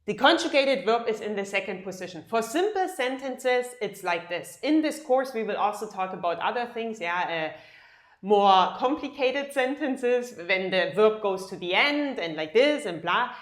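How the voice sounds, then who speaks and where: A woman with a German accent teaching German, who says each example slowly in both languages and often checks in with "ja?". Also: mid-range voice, lively intonation, echoey room. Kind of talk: language lesson, switching between English and German.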